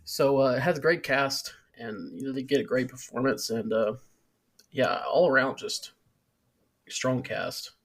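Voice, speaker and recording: A podcast host chats casually about a movie, stopping and restarting often. His voice has a husky, raspy edge. He sounds easygoing. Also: medium pitch, a little slow. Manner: hesitant, filler-heavy, chuckles. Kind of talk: casual chat.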